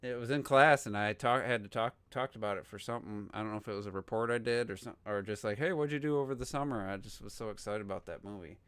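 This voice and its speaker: A man's voice: lowish voice, fairly even intonation, fast talker, few pauses, a bit bright, clean tone, dry recording. A man co-hosting a gaming podcast, chatting casually in an easygoing, rambling way. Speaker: podcast co-host. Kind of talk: casual chat.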